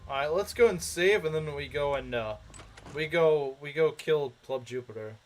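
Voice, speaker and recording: A man's voice: on the high side, moderate pace. A young man giving laid-back, amused commentary while playing a game. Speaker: gamer. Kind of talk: casual let's play commentary.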